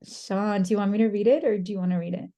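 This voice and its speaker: A woman's voice: mid-range voice, steady tone, fast, mellow. A woman leading an online workshop on a video call, encouraging participants and reading their chat messages aloud. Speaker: workshop presenter.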